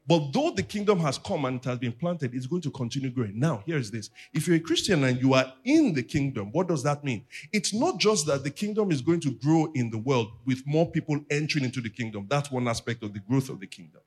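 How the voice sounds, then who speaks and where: A man's voice: mid-range voice, sing-song, a little fast, hardly any pauses, breathy edge. Man preaching a sermon. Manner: teaching, asks the congregation to repeat after him. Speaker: pastor. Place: church.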